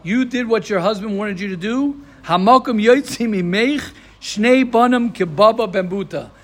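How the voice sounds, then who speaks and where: A man's voice: high voice, moderate pace, a bit bright. A man giving an informal Torah class as a rabbi, acting out quotes and mixing in Hebrew and Yiddish terms.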